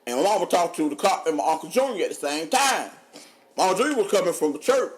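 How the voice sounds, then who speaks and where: A man, a podcast co-host telling funny stories in casual chat, animated and laughing often. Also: fast. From North Carolina. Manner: animated, laughing often, drops low for quoted voices. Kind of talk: casual storytelling.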